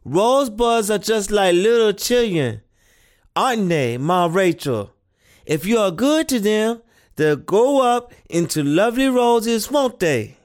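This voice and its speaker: A woman voicing an earnest, thoughtful seven-year-old boy, who speaks slowly and questioningly in an audio play reading. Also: mid-range voice, sing-song, a little mellow. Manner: slow, earnest childlike questioning.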